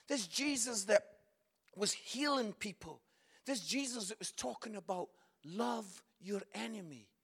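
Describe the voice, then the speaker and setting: A man preaching as a guest speaker in a church, telling stories with lively animation and sudden shouted bursts. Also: sits high, creaky, slightly rough. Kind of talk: storytelling sermon.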